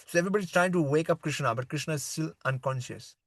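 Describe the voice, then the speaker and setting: A man leads a scripture class, reading a devotional story aloud and pausing to explain it in everyday words. His voice sits a little higher than most men's. The sound is dry and close. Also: a bit bright, dry recording, poor audio. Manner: reads passages aloud, then explains them plainly. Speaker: spiritual teacher.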